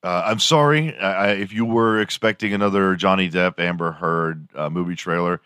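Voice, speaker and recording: A man's voice: low-pitched, normal speed, a bit bright, smooth, no echo. A man in his fifties hosting a casual solo podcast, rambling and swearing as he jokes and slips into silly impressions. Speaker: podcast host.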